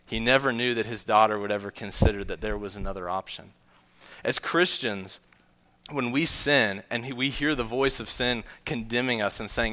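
A male pastor delivering a sermon with earnest conviction. His voice is bright. He often drops soft and low to stress a point. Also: normal speed. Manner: earnest preaching, voice dropping low on key points.

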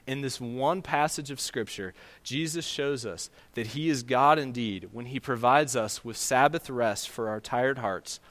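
A middle-aged man preaches a sermon in an expressive pastoral voice. He moves briskly through asides, then lets key sentences sink into a quiet, emphatic close. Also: medium pitch.

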